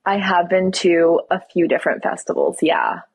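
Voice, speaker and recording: Breathy low-voiced woman chatting on a live stream. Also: normal speed, dry recording, poor audio. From Toronto, Canada. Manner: relaxed, reads out viewer questions and answers them candidly. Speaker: livestream host. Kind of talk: casual live-stream chat answering viewer comments.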